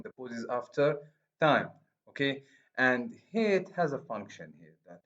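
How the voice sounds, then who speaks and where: A man giving a recorded university lecture, who talks haltingly, restarts often and checks in with "okay?". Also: medium pitch, fairly bright tone, lo-fi sound.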